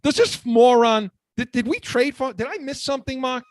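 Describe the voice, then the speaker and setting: A man's voice: extremely high pitch, animated, moderate pace, a little hiss or hum. A man hosting sports talk radio, ranting with heat and repeating words as he gets worked up.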